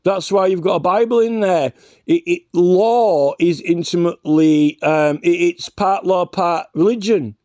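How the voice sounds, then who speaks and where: A man's voice: high voice, a little mellow, no echo. A man giving combative ranting commentary, repeatedly challenging the man he is arguing with and restarting his sentences. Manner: halting restarts and stammers. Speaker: reaction vlogger.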